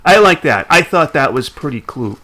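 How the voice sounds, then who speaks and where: Animated, jokey male podcast co-host. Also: a little high, normal speed. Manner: animated, jokey, trailing off and restarting. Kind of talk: casual chat.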